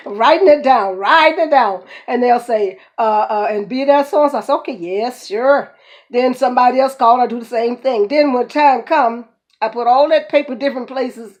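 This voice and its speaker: Chatty laughing woman, mixed US accent. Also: a little high. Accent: mixed Northern and Southern US. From United States. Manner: rambling, laughs often, speaks warmly to listener as "baby". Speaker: community show host. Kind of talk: casual storytelling monologue.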